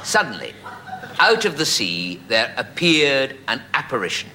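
A man's voice: medium pitch, huge pitch swings, unhurried, very noisy. A man telling a long, chatty comic story on stage, dropping asides like "you see". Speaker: comedian telling a joke. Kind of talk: stand-up joke telling.

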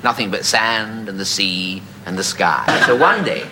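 A man's voice: on the low side, expressive, measured pace, background noise. A man telling a long, chatty comic story on stage, dropping asides like "you see". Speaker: comedian telling a joke. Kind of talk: stand-up joke telling.

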